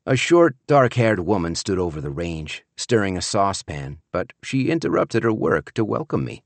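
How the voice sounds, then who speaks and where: A man narrating an audiobook in the first person, with an expressive, wry storytelling manner. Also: low voice, moderate pace, dry recording.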